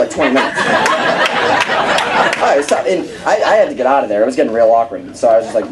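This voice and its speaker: A teenage boy doing a stand-up comedy set in a club, deadpan one-liners with some stammering into a stage mic. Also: mid-range voice, fast, long pauses. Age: teens. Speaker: stand-up comic. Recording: live club with loud crowd and noise.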